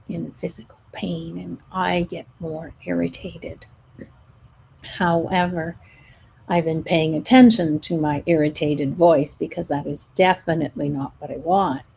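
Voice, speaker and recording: A middle-aged woman, a stress management coach, talking gently to her audience on a live show and at times dropping almost to a whisper. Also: fairly low pitch, gravelly, slight background noise, rough recording.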